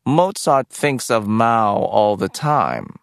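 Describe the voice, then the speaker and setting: A man voicing a wary, hostile village headman in an audiobook, speaking in a gravelly, drawn-out way. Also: mid-range voice, big pitch swings, a bit bright, dry recording, studio quality, pitched above the performer's own voice, heavily acted. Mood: beaming. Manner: suspicious, snapping questions.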